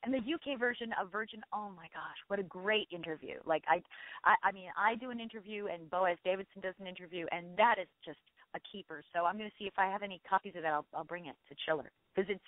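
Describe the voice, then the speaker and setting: Chatting casually as an interview guest, a middle-aged actress speaks effusively in a mid-range voice, often breaking off to restart or correct herself. The phone line sounds tinny and dry, without any echo.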